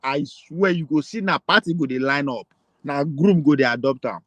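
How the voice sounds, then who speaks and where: A Nigerian man hosting a casual political chat in Pidgin and English, animated and argumentative, often laughing. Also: a little high, moderate pace, dry recording, poor audio. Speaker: political talk show host.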